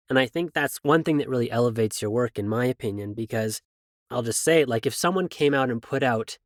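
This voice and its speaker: A man's voice: medium pitch, no echo, clean studio sound. Earnest, joking male podcast host. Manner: earnest, joking, praising his guest. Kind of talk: casual interview chat.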